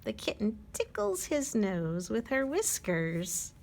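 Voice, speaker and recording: A woman at a library storytime, reading a picture book aloud to children, gently asking them questions and dropping to a whisper at quiet moments. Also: on the low side, sing-song, creaky, a little hiss or hum. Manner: slow and gentle, pausing to ask young listeners questions.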